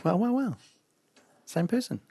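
A man's voice: high voice, animated, unhurried, warm tone, husky, dry recording. A man co-hosting a podcast, chatting casually and rambling through stories with frequent laughs. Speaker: podcast co-host. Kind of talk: casual chat.

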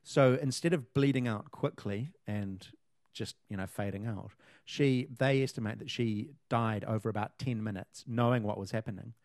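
A man's voice: on the low side, normal speed, darkish tone, no room sound, clean studio sound. A man, co-hosting a casual chat and rambling with lots of fillers and restarts. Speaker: podcast co-host.

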